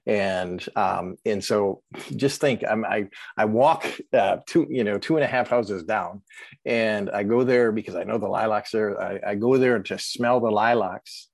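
Lowish-voiced man telling a hard story. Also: creaky, no room sound. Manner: halting, with many ums and self-corrections. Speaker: guest. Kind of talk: emotional personal storytelling.

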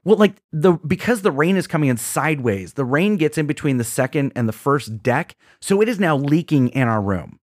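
A man on a casual podcast spins a rambling, animated story, stumbling over restarts and acting out his own quotes. His voice sits a touch high and sounds dry and close. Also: normal speed, hardly any pauses, no room sound. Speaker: podcast co-host.

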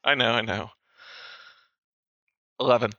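A man playing a tabletop game, animated and self-mocking, laughing often. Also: mid-range voice, a little slow, dry recording, lo-fi sound. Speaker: player. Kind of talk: tabletop role-play over a call.

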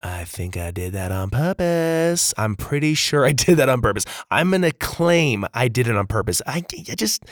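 A friendly man hosts a children's story podcast and chats loosely with kids about their letters. His voice sits in an ordinary middle pitch, and the recording is close and dry with no room echo. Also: big pitch swings, normal speed, few pauses. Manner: upbeat, friendly, calls listeners dude and bud. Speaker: podcast host. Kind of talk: casual chat to young listeners.

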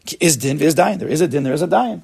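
Gravelly, husky man giving a Torah talk. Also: fairly high pitch, expressive, racing, darkish tone. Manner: emphatic, repeats words, sprinkles in Hebrew terms. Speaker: Torah teacher. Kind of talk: spoken Torah lecture.

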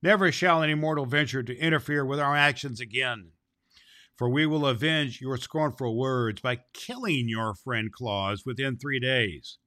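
A man's voice: mid-range voice, moderate pace, bright, forceful tone, no echo, studio quality, lightly acted. A man voicing the defiant king of a race of evil creatures, his voice trembling with rage in a storybook reading. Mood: raging defiance.

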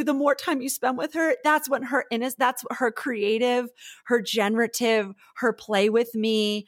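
A woman's voice: on the high side, fairly even intonation, normal speed, no echo. Woman, podcast guest, effusive and earnest, dry close mic. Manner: effusive and heartfelt, repeats phrases for emphasis. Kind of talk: casual spiritual conversation.

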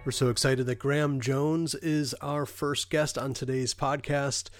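A man's voice: mid-range voice, fairly even intonation, unhurried, loud music behind the voice. Congested man hosting a podcast. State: congested, nasal from illness. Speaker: podcast host. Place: home studio.

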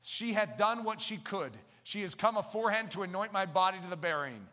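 A man delivers a sermon in a high, very bright voice. He swoops widely in pitch as he acts out stories and reads scripture. His voice rings with a long hall reverb. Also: brisk. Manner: animated storytelling, acting out scenes and reading scripture aloud. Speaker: preacher.

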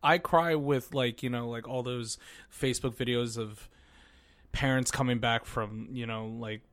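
Animated chatty man, dry close mic. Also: mid-range voice, unhurried, dry recording. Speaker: podcast co-host. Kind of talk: casual chat.

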